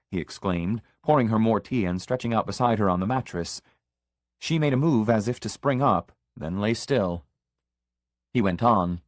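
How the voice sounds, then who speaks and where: A male audiobook narrator with a low voice, reading in a measured, even storytelling manner. The recording is close and dry, with no room sound. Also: no room sound. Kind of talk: scripted narration.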